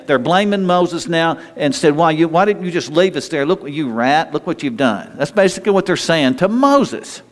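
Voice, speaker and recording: A man delivering an animated, conversational sermon, his voice sitting a touch higher than most men's. He breaks off mid-phrase, restarts, and asks the room questions as he goes. A long hall reverb trails every line. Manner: animated, conversational preaching with frequent restarts and asides. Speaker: pastor.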